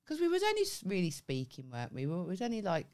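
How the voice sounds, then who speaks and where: A woman's voice: fairly low pitch, wildly swooping pitch, fast, a little mellow. A woman co-hosting a comedy podcast, telling a story animatedly, acting out quoted lines and swearing freely. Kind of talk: casual storytelling chat.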